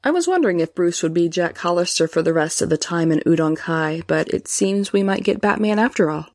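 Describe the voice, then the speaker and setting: A woman hosting a podcast reads a novel chapter aloud and breaks off for wry, chatty asides. Her voice sits a bit low. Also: lively intonation, a little fast, a little mellow, no echo, studio quality. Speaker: podcast host reading a novel. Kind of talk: reading aloud with commentary.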